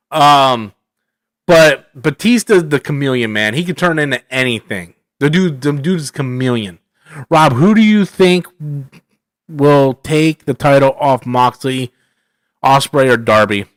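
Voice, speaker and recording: A man's voice: on the high side, expressive, takes it slowly, fairly bright tone, no room sound. A man hosting a live stream, rambling casually through chat questions, slangy and full of "man" and "bro".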